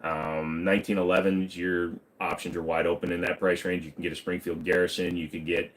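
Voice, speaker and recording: Man with a lowish voice, casual livestream Q&A, reads chat questions, answers offhand, lots of fillers. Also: little pitch movement, a little fast.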